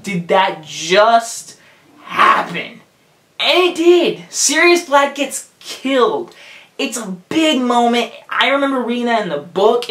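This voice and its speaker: A man giving a casual, excitable movie review, rambling and gushing as he goes. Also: sits high. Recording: roomy echo.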